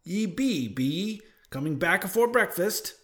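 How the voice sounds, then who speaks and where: A man's voice: high-pitched, expressive, a little slow, a bit bright, pitched above the performer's own voice. A man voicing a cryptic, sly old male sailor-prophet who talks in ominous, old-timey sailor dialect, for a spoken storybook. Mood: taunting.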